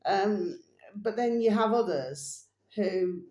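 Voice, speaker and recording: A woman's voice: medium pitch, expressive, dark tone, roomy sound. A woman hosting a casual video channel, rambling and repeating herself, often addressing viewers with fond pet phrases in a sombre tone. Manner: rambling, repeats phrases and spells out titles slowly. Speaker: channel host.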